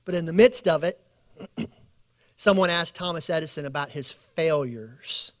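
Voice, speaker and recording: A man gives a sermon at a midweek bible study, with a voice set a touch high for a man. He piles up short phrases in slow, weighty lists and acts out the people in his stories. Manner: preachy, animated storytelling with acted quotes. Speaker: pastor.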